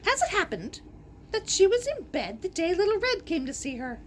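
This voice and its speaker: A woman storyteller reading a fairy tale aloud in an animated way, gasping and adding playful asides. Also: extremely high pitch, normal speed, slight background noise.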